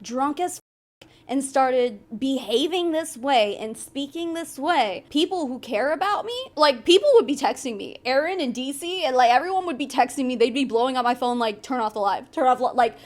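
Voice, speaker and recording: A woman's voice: high-pitched, expressive, moderate pace. A young woman giving blunt, sarcastic commentary, swearing freely. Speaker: commentary YouTuber. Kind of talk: casual commentary.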